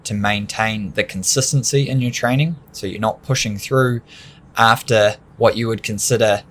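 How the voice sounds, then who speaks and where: A man co-hosting a training podcast, explaining ideas in long, animated, rambling runs with bursts of laughter. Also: fairly low pitch, moderate pace. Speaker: podcast co-host. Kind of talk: casual coaching chat.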